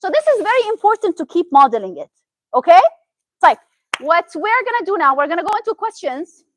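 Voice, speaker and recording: Syrian arabic accent lady, therapist doing a chatty talk, keeps asking the crowd stuff, highish voice. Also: sing-song, fairly quick, a little hiss or hum, low-quality recording. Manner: chatty, asks the audience questions. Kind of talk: interactive motivational talk.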